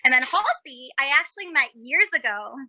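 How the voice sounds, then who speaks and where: A woman's voice: sits high, sing-song, a little fast, pushed and bright, no room sound. A woman guest chatting casually on a talk show, telling stories with lots of giggles and acted-out quotes. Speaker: podcast guest. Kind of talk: casual chat.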